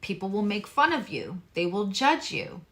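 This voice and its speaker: A woman's voice: mid-range voice, big pitch swings, moderate pace, a bit bright. A woman from Long Island giving a casual astrology and tarot reading, emphatic and repeating her key points. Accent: neutral American, former Long Island accent dropped. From Long Island, New York. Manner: emphatic, repeats key phrases, chatty asides.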